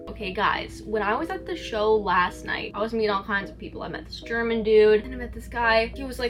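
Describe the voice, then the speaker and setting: Young woman, vlogger, wry chatty storytelling, mid pitch, frequent fillers. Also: brisk, hardly any pauses, over music. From Nashville. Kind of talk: casual vlog storytelling.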